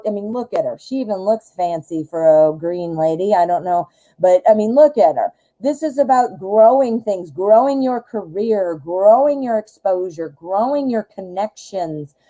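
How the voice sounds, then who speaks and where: Chatty woman reading tarot, mellow voice. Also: mid-range voice, rough recording. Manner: chatty and enthusiastic, talks straight to the viewer. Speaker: tarot reader hosting a live show. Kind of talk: live-stream tarot reading.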